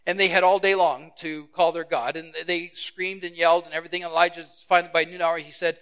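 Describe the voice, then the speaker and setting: Bright-voiced male pastor telling a story. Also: on the high side, steady tone, fast, hardly any pauses, clear, resonant tone. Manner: storytelling, acting out the characters' lines; swings between loud exclamations and hushed, quiet delivery. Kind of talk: sermon.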